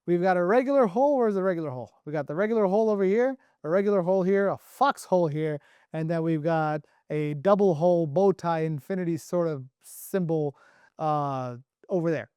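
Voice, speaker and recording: A man with a fairly high, smooth and clear voice, recorded dry and close, teaching letter forms in a loose, joking way. He muses aloud and riffs on funny names for each shape. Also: a little fast, a little mellow, dry recording, highs cut off. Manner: playful, joking, thinking aloud. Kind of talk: casual online lesson.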